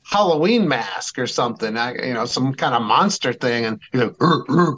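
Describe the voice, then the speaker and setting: A man's voice: medium pitch, animated, moderate pace, fairly bright tone, dull audio. A man talking as a guest in casual chat, telling stories animatedly, swearing freely and laughing. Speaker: guest, seed breeder.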